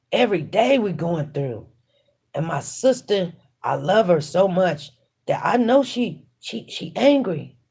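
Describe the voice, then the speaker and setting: On a casual livestream, a woman muses aloud while she works, her voice fairly low, mellow and slightly rough. Her reflections are faith-centred, emphatic and repetitive.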